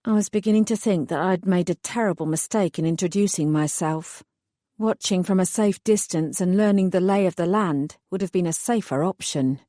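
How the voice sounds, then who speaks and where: A woman narrating a first-person fantasy audiobook in a measured, wry way. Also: fairly low pitch, warm tone, no echo, studio quality.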